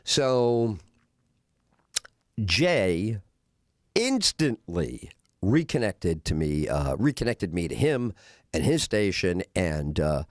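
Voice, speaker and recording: A man's voice: sits low, slow, pauses often, no room sound, studio quality. A middle-aged man hosting a radio show, telling a long story and acting out the other people in it, with many "uh" fillers. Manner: animated, acts out other voices in his anecdotes; frequent "uh" fillers. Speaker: radio host. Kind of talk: storytelling monologue.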